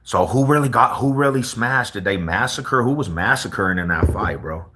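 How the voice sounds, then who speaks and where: A man's voice: on the low side, lively intonation, normal speed, bright, forceful tone, husky. A young man from Colorado chatting casually with viewers on a livestream, laid-back and full of street slang. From Colorado, USA.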